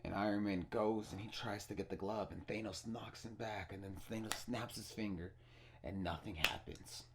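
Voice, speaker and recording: A young man hosting a casual podcast, excitedly retelling movie scenes, swearing freely and restarting his sentences. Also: fairly low pitch, normal speed, noisy background. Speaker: podcast host. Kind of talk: casual spoiler chat.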